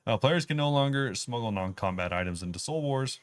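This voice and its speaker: A man's voice: mid-range voice, animated, a little fast, clean tone, no room sound. A man co-hosting a casual gaming podcast, explaining game updates in an easygoing, detailed way. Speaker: podcast co-host.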